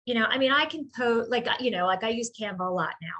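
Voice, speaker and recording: A woman who runs a small business, chatting casually on a group video call and telling a rambling, animated story. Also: on the high side, fast, dull audio.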